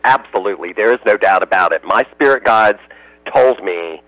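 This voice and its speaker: A man's voice: on the low side, moderate pace, fairly bright tone, no echo, rough recording. An American man, a radio interview guest, telling emotional stories and slipping into other people's voices. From United States.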